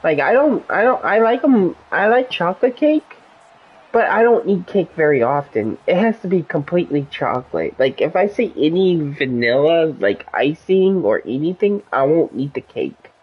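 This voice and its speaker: A husky-voiced gaming streamer rambles from one topic to the next, animated and loose, with the pitch bouncing all over the place. It sounds like casual chat during a game. The recording is dull and lo-fi, as from a basic streaming mic. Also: normal speed. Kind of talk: casual chat while playing.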